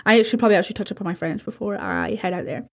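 A woman's voice: mid-range voice, big pitch swings, rapid-fire. A woman hosting a horror podcast, retelling creepy stories and then rambling casually and self-deprecatingly. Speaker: podcast host.

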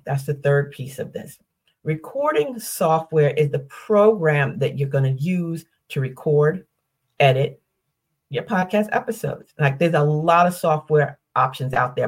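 Upbeat older woman hosting a podcast. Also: low voice. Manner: upbeat, explanatory, rhetorical questions and lists. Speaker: podcast host. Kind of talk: solo podcast teaching.

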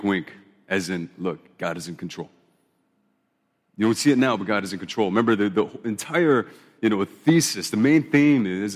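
A man in his thirties preaching a sermon in a relaxed, conversational way, often restarting his phrases. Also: fairly low pitch, in a large hall. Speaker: pastor.

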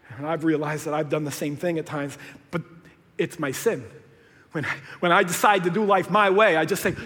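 A man preaching a sermon as pastor, swinging between hushed lines and loud, excited bursts. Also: a little high, normal speed. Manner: animated, swinging from hushed to shouted. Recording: long hall reverb.

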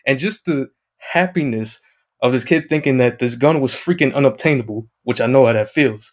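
An excitable man in a casual chat, telling a gaming story with energy and acting out other people's voices. His pitch sits in the middle range for a man. He swears mildly as he talks. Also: normal speed. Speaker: guest, video game streamer. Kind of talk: casual anecdote on a podcast.

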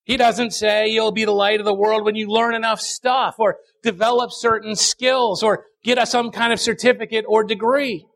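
A male pastor, preaching a sermon with emphatic repetition and dramatic pauses. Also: high voice, steady tone, fairly bright tone.

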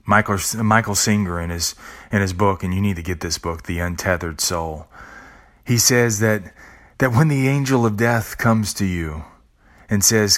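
Man, very low voice, earnest, reflective, casual swearing, podcast host. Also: normal speed, a bit bright. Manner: earnest, with blunt casual swearing and repeated words. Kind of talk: reflective spoken monologue.

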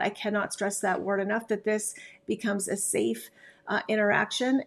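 Gravelly-voiced woman giving chatty dog advice. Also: mid-range voice. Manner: chatty, emphatic, with frequent restarts. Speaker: dog trainer and podcast host. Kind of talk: casual advice monologue.

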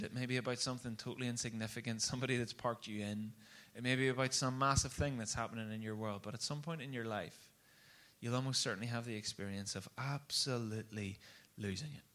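A man preaching a sermon, telling a story in an animated, conversational way. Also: medium pitch.

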